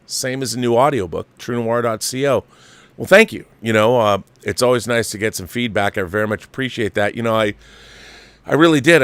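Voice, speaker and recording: With a somewhat low, slightly bright voice and no echo, a host casually reads a viewer's letter on his show. He interrupts the letter with asides of his own.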